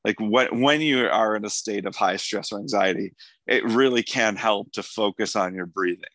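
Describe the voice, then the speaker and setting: A man with a hoarse voice hosting a podcast, chatting enthusiastically about an episode with many restarts. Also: fairly low pitch, normal speed, fairly bright tone, no room sound. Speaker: podcast host. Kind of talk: casual episode discussion.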